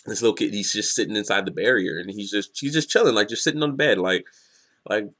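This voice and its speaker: A young man casually reviewing a comic chapter, rambling and excitable, swearing and laughing often. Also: on the low side, normal speed. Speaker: manga reviewer.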